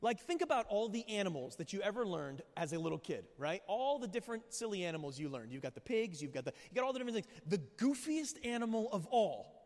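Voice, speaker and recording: A man preaching a sermon as a pastor, telling stories with lively rhetorical asides and questions to the church. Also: sits high, fast. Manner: animated storytelling, rhetorical asides. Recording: long hall reverb.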